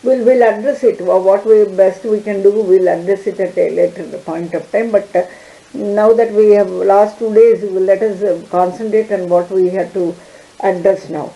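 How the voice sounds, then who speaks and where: A woman teaching an online law class, talking haltingly with many fillers and restarts. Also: mid-range voice, steady tone, dark tone, reverberant, muffled recording.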